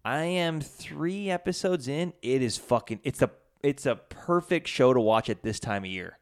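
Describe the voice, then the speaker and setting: A man's voice: mid-range voice, expressive, moderate pace. A man co-hosting a casual podcast, rambling and swearing as he chats. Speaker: podcast co-host. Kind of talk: casual chat.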